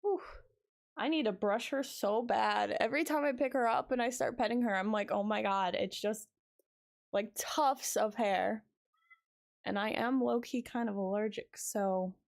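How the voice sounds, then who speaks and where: A woman's voice: a little high, a little slow, gravelly. A young woman streaming a game, chatting casually, tired, talking to her chat and her cat.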